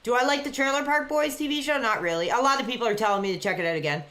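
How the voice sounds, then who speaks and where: Bright-voiced woman streaming live. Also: fairly high pitch, rapid-fire. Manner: chatty, reads out chat messages between excited play-by-play reactions. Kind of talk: casual live-stream chat reacting to a wrestling show. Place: dark room at home.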